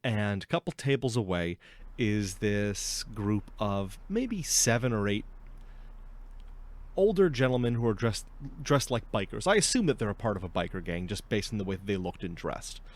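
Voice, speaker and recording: Lively chatty man hosting a podcast. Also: on the low side, moderate pace. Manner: chatty storyteller, laughs often. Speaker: podcast host. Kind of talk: casual podcast chat.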